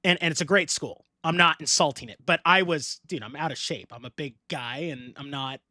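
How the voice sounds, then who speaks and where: A middle-aged man hosting a casual podcast chat, animated, laughing often and swearing freely. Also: a little high, a little fast, dry recording, studio quality. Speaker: podcast host.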